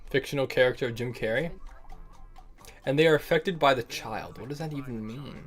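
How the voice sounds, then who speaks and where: A young man with a mid-range voice chats casually with viewers on a livestream, speaking a little fast. He jokes and laughs often and keeps calling people bro and man.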